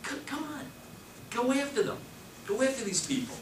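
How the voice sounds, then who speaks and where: A man's voice: very high-pitched, animated, normal speed. Emphatic male sales trainer in echoey classroom. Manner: emphatic, repeats key phrases, coaching tone. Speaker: real estate sales trainer. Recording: echoey room, mic far off, noisy.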